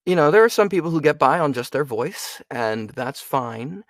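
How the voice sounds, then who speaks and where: A man's voice: on the high side, normal speed, no echo, clean studio sound. A young adult man, a voice actor, chatting casually in an interview with lots of fillers. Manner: animated, chatty, frequent fillers. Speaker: voice actor guest.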